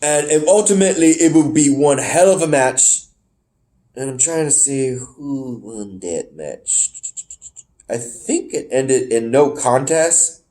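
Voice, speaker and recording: A man hosting a casual review podcast, rambling, correcting himself mid-sentence and getting excited. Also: mid-range voice, takes it slowly. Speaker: podcast host.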